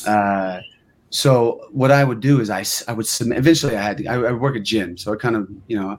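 A young male guest actor telling lively anecdotes in a relaxed podcast chat. His voice sits fairly low, and he acts out other people's lines as he goes. A faint hiss runs underneath. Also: brisk. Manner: animated storyteller acting out quotes.

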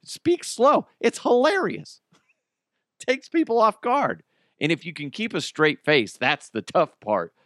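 A man hosting a solo podcast, telling stories in a lively way and laughing often. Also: high voice, slow pace, dry recording, clean studio sound. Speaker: podcast host.

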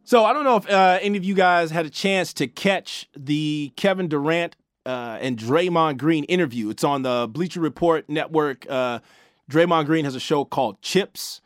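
A man's voice: fairly high pitch, normal speed, no echo, clean studio sound. A man hosting a sports talk show, giving emphatic, casual opinions with lots of slang and restarts.

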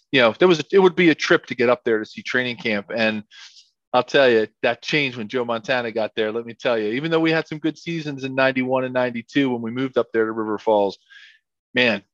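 A middle-aged man spins long football stories in an easygoing interview, stumbling over and repeating words with plenty of fillers. His voice sits mid-pitch. The recording is dry and a bit dull and lo-fi. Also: fairly bright tone, no echo. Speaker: former football lineman, guest. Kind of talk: casual interview storytelling.

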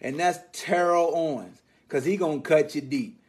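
A man hosting a sports podcast, riffing in an animated, slangy, mocking way. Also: fairly high pitch, normal speed, husky. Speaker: podcast host. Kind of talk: casual sports commentary monologue.

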